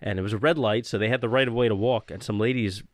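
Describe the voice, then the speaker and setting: Male podcast host, animated storyteller. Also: on the low side, quick pace, dry recording. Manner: animated storyteller, laughs easily. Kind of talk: casual chat between old friends.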